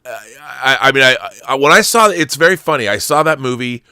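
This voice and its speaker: Bright-voiced man telling rambling stories. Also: mid-range voice, expressive, fairly quick, clean tone, dry recording, clean studio sound. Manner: rambling, restarts, emotional storytelling. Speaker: channel host. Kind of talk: casual conversational chat.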